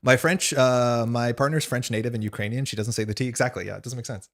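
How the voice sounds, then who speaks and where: A man's voice: medium pitch, fairly even intonation, fast, a bit bright. A young man chatting casually on a livestream, reading chat questions aloud and rambling with lots of "like". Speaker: streamer host reading chat.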